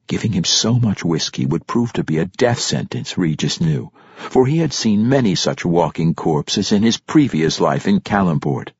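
A man narrating a fantasy audiobook with expressive storytelling. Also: sits low, moderate pace, breathy edge, dry recording. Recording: dry, slightly muffled lo-fi recording.

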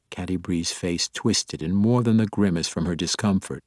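Low-voiced male audiobook narrator. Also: normal speed, few pauses, no echo, studio quality. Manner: steady, even storytelling. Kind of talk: scripted narration.

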